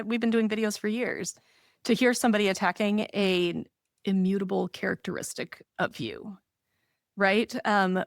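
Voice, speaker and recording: Woman podcast co-host, chatty and animated, casual advice, mid-range pitch, dry sound. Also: gravelly, dry recording. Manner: chatty and animated, laughs often.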